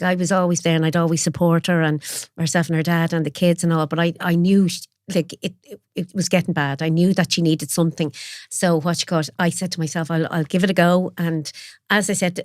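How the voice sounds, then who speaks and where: A middle-aged mother talks as a podcast guest and drifts between thoughts. She is emotional and quick to put herself down. Her voice is slightly low and the recording is dry and close. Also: no room sound. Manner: rambling, emotional, self-deprecating. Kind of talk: casual chat.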